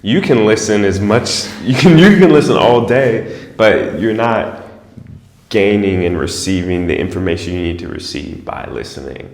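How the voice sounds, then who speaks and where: A deep-voiced man hosts a laid-back conversation and fills his speech with casual fillers as he encourages his guest. His voice rings in a noticeably echoey room. A faint hum sits behind him. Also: normal speed, creaky. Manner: relaxed, encouraging, many "like" and "you know" fillers. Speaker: podcast host. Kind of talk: casual interview while painting.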